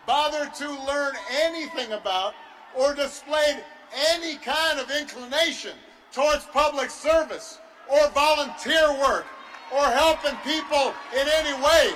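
A man giving a campaign speech to a crowd, measured and emphatic, with drawn-out pauses. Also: extremely high pitch, a bit bright, a little hiss or hum, poor audio.

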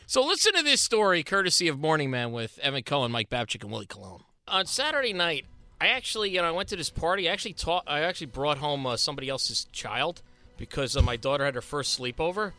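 A man's voice: on the high side, big pitch swings, sharp tone, no echo. A man co-hosting a radio show, telling a rambling anecdote in casual studio banter. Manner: rambling anecdote with quick restarts.

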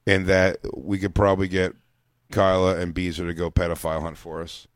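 A man's voice: deep voice, monotone, fairly quick, no room sound, studio quality. A man co-hosting a casual radio talk show, riffing crudely and laughing often. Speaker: co-host.

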